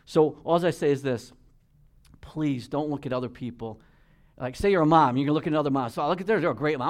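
Preaching man with emphatic exhortations. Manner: reads King James scripture in a slower, lower voice. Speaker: pastor. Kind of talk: sermon.

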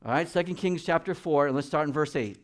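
Man, middle-aged, pastor, preaching, animated, reads scripture, acts out voices, higher-pitched. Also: fast. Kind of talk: sermon.

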